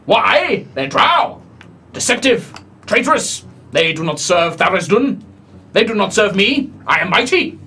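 A man voicing a grandiose, paranoid floating eyeball monster in a tabletop game, booming and indignant. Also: big pitch swings, unhurried, sharp tone, slightly rough, heavily acted.

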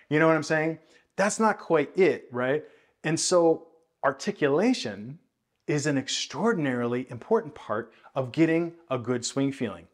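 A man teaching jazz bass in a video lesson, explaining thoughtfully with many hedges and counting and scatting rhythms aloud. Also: animated, normal speed. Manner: thoughtful, hedging explanations with frequent "I think".

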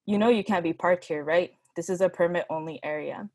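A woman's voice: fairly low pitch, fairly quick, darkish tone, dry recording, studio quality. A woman reading aloud, voicing a stern, dismissive male police officer. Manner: curt, dismissive.

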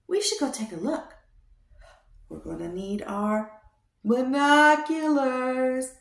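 A woman's voice: high-pitched, roomy sound. A woman hosting a children's show, teaching toddlers in a sing-song, coaxing way and prompting them to repeat words.

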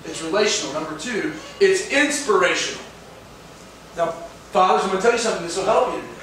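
A man's voice: sits high, lively intonation, fast, fairly bright tone, a little hiss or hum. A male pastor preaching a sermon with emphatic delivery, often asking the congregation questions. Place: church sanctuary. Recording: echoey church hall from far off.

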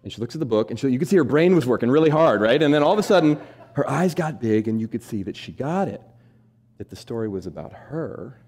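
Man, keynote speaker, forties, quick delivery, warm dark tone, animated storytelling. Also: medium pitch. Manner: animated, acts out quoted voices, asks audience questions. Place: stage before a live audience.

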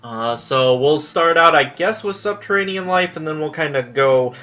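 Rambling, profane gaming host. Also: male voice, on the high side, lively intonation, moderate pace, sharp tone, lo-fi sound. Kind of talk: casual gameplay commentary.

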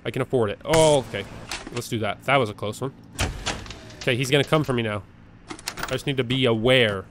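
A man giving live commentary as he plays a horror game. He is jumpy and nervous, repeats words in quick bursts and begs the game's enemies to go away. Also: mid-range voice, background noise. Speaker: gaming video creator. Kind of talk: live let's-play commentary.

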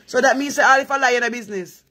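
Jamaican woman, husky, preachy live-stream host advising viewers. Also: a little high, racing, pushed and bright. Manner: earnest, advising, in patois-laced talk.

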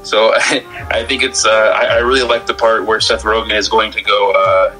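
A low-voiced man with a bright, forceful tone, chatting loosely on a podcast about a movie. He restarts often and stammers through his thoughts, with faint music behind him. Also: level tone, moderate pace, rough recording. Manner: rambling, stammering, many restarts. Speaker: podcast co-host. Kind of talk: casual film-discussion chat.

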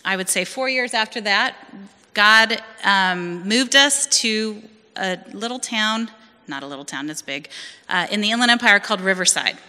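Bright-voiced woman telling her story. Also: medium pitch, normal speed, big-room sound. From California. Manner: lively storytelling, acts out quoted voices. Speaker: church member giving testimony. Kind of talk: personal testimony at a church service. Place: church hall.

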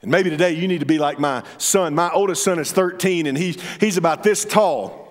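Pastor guy telling funny stories, highish voice, big reverby hall. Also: a little fast. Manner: storytelling, humorous, drops to a soft low voice for emphasis. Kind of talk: sermon. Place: church sanctuary.

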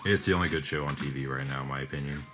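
A man's voice: rumbling low, steady tone, very fast. A young man giving casual, joking, sarcastic and profane commentary while playing a video game with his sister. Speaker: let's play gamer. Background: game music.

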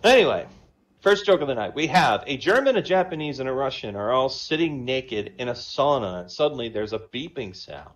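A man's voice: mid-range voice, sing-song, fairly quick, lo-fi sound. A man telling a string of jokes in casual style, chatty and laughing at his own punchlines. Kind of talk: casual joke-telling on a voice chat. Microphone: online voice chat.

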